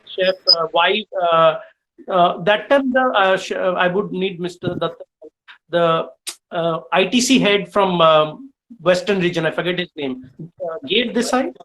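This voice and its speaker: A middle-aged man with an Indian English accent speaks as a guest chef to a class of students. He tells his stories in an animated way, breaking often with uh and restarts. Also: high voice, unhurried, slight background noise, rough recording. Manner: animated, frequent uh fillers, lively storytelling. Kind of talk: storytelling in a live online session.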